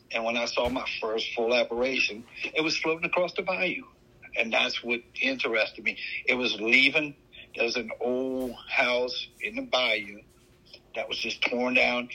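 A middle-aged man from Louisiana with a Louisiana accent, co-hosting a podcast and telling stories in a folksy, animated way. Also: medium pitch, slightly rough, low-quality recording. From Louisiana, USA. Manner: animated, folksy storyteller with drawn-out emphasis. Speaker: podcast co-host. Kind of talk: casual chat, storytelling.

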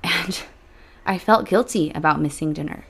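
A woman in her thirties hosting a personal podcast, talking candidly and emotionally with sighs and soft laughs. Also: lowish voice, normal speed, vocal fry, slightly rough. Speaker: podcast host. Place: home room with leaf blower outside.

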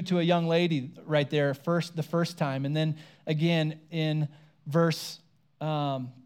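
A pastor with a slightly higher-than-usual male voice delivers a sermon in a relaxed, talky manner. He retells scripture as if chatting with friends and briefly acts out the characters' words. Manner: casual conversational preaching, acts out quoted lines.

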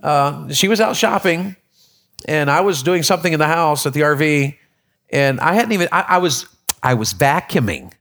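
Man, high voice, folksy preacher who jokes with his flock and repeats himself. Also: lively intonation, normal speed, vocal fry, a bit bright. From Tennessee, USA. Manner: folksy, joking with congregation, repeats words. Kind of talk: sermon.

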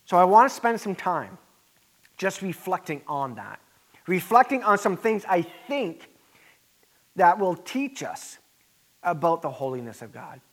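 Man, pastor, sermon, high-pitched, emphatic, conversational asides. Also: sing-song, a little slow, long pauses.

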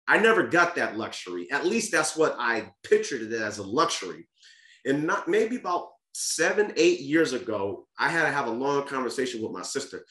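A man of medium pitch and fairly bright tone appears as a podcast guest, candidly relating a personal family story. His delivery is earnest and relaxed, full of restarts and repeated words, captured with a roomy echo.

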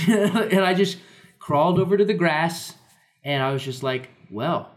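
A young man with an unhurried voice on the high side co-hosts a podcast, casually telling a funny story. He laughs often and acts out voices as he goes.

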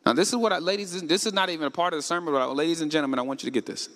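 A man preaching a sermon, asking the congregation questions and rising to shouts. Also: on the high side, racing. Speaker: pastor. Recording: echoey hall with long reverb.

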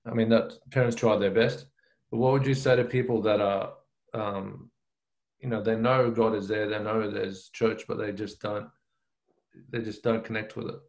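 A man's voice: on the low side, steady tone, moderate pace, darkish tone, rough recording. A man hosting an interview, asking long, rambling questions with restarts. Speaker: podcast host.

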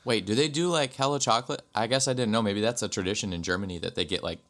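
A man's voice: lowish voice, fast, fairly bright tone. A man co-hosting a podcast, chatting in a laid-back, joking manner. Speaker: podcast co-host. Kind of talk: casual chat.

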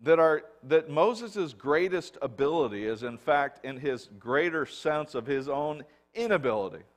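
A man's voice: a little high, expressive, unhurried. A man preaching a conversational sermon as a pastor, casually acting out biblical dialogue and peppering it with "like".

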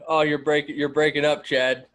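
A man hosting a podcast, relaxed and easygoing as he wraps up and thanks his guests. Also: fairly high pitch, moderate pace. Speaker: podcast host. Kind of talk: casual podcast chat.

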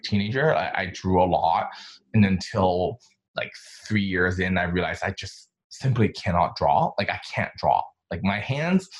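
A man in his thirties from China, telling his life story in a casual interview, talking in an animated, chatty way with lots of fillers. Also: on the low side, low-quality recording. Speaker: interview guest, designer.

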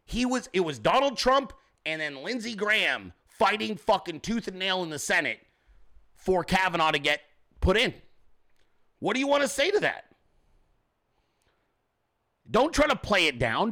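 A man's voice: sits high, sharp tone. A man hosting a livestream, ranting profanely and combatively at commenters in his chat. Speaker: show host.

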